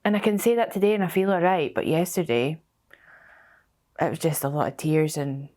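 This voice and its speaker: A young woman telling her story as a bereaved mother, halting and emotional, with many restarts. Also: low-pitched, dark tone. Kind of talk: personal testimony.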